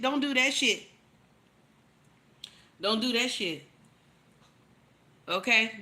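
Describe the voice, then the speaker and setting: A woman giving animated relationship advice, emphatic and repetitive, firing rhetorical questions at her audience. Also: high-pitched, slow pace, long pauses. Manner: emphatic, repeats lines for effect, teasing rhetorical questions. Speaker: relationship commentator.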